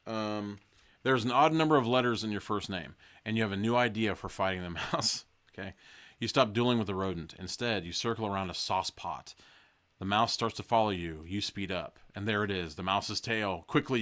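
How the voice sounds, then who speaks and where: A man's voice: lowish voice, normal speed, a bit bright. A man hosting a podcast, casually reading a gamebook aloud and breaking off with profane, joking asides. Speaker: podcast host.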